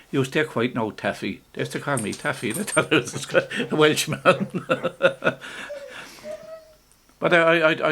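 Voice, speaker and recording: An older man with an Irish accent, reminiscing in a relaxed, rambling way, often stopping to restart and chuckling as he talks. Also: medium pitch, gravelly, a little hiss or hum. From Ireland. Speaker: interviewee. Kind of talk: casual reminiscing.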